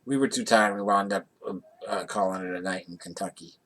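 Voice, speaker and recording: A man's voice: on the low side, fairly quick, fairly bright tone. A man from the Johnstown area telling a casual personal anecdote in a rambling way, with many restarts. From Johnstown area, USA. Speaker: vlogger.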